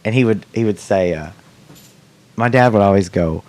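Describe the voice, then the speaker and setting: A man's voice: lowish voice, moderate pace, darkish tone. A middle-aged man hosting a podcast, chatting casually, rambling and joking with plenty of swearing. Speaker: podcast host. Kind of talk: casual chat.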